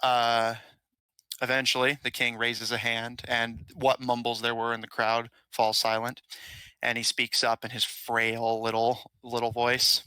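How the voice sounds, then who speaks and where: Male game master, very bright voice, dry close sound, casual narration full of "uh"s. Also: mid-range voice, completely flat delivery, unhurried, smooth, no echo, rough recording. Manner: casual, filler-heavy narration with frequent "uh"s.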